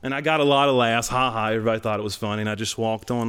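A man tells his own story on a podcast. His voice sits a little low but leaps up when he stresses a point. He laughs now and then as he goes. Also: very fast, few pauses, smooth. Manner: animated, laughs while telling stories, voice jumps way up for emphasis. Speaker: podcast co-host. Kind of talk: casual testimony storytelling.

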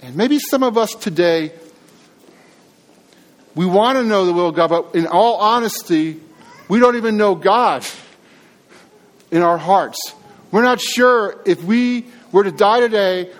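A man's voice: high-pitched, measured pace, pauses often. A man preaching a sermon as pastor in a church, earnest and conversational, often restarting his phrases.

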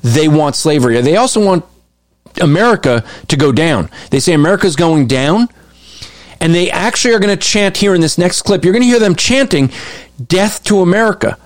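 A man's voice: on the high side, lively intonation, fairly quick, no echo. Emphatic man with a raised voice. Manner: emphatic and repetitive, restarts often. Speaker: commentator. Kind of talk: commentary over video clips.

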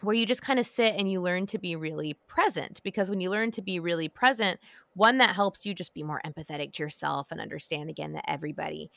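A woman's voice: fairly low pitch, fast talker, gravelly, fairly bright tone, no echo. A woman hosting a podcast, chatting casually with lots of fillers and restarts. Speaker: podcast host. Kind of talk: casual chat.

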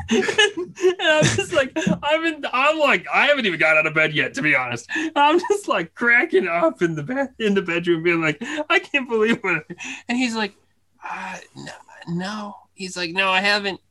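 Bright-voiced man telling a laughing story. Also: extremely high pitch, normal speed. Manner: animated, laughing often, acts out family voices. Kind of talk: casual storytelling chat.

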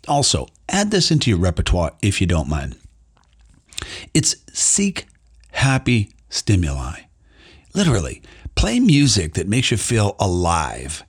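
A man's voice: fairly low pitch, breathy edge. A middle-aged man hosting his podcast, giving an earnest, emphatic motivational monologue in a conversational way. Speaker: podcast host.

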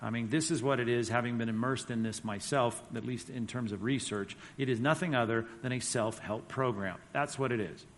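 A man's voice: medium pitch, fairly quick, hardly any pauses. A man teaching a church class with slides, in a conversational, emphatic way. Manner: conversational, emphatic, reads quotes aloud. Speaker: Bible teacher. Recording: long reverb of a hall.

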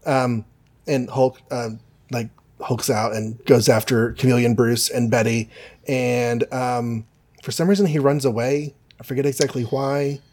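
A man in casual chat, playfully summarizing comic book plots with quick asides and filler. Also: medium pitch, fairly even intonation, a little mellow. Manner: playful, summarizes plots with goofy quoted voices. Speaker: podcast co-host.

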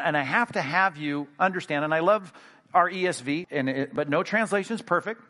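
Male pastor, emphatic and animated sermon delivery, fairly high-pitched voice. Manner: animated, emphatic preaching with sudden loud bursts.

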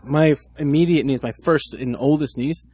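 A man chatting casually on a podcast, an animated storyteller. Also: normal speed, breathy edge, dry recording. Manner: animated storyteller who mimics people in high squeaky voices. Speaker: podcast co-host. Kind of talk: casual chat.

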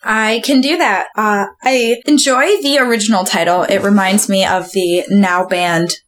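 A woman's voice: mid-range voice, steady tone, a little slow, slight background noise. A woman guest on a podcast, recapping a story in a dry, matter-of-fact way. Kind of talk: casual chat.

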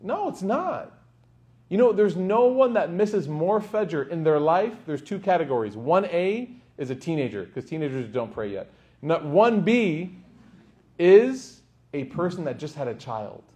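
A man giving a sermon to a live audience in a lecture hall, in an animated storytelling manner, acting out the quoted voices. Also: on the high side, measured pace. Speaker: Islamic lecturer.

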